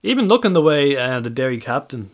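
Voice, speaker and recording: A man's voice: mid-range voice, big pitch swings, fast talker. Dry-witted man in podcast chat. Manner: dry, wry, reads out comments. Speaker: podcast co-host. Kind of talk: casual sports chat.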